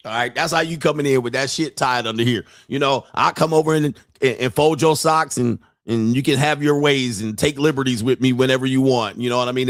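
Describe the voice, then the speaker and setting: A man's voice: medium pitch, dry recording, studio quality. Boastful, profane man ranting. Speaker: show host. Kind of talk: crude comedic rant.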